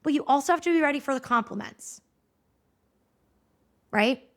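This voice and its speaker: At a normal speed, this solo podcast host, a woman in her thirties with a high pitch, speaks directly to her audience. Her manner is lively, chatty and encouraging.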